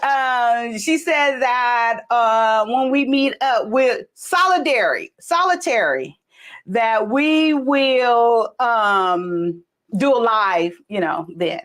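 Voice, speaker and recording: A middle-aged woman hosts a casual livestream from her home in California, drifting between topics and replying to viewers' comments. Her voice sits fairly high and she speaks very slowly.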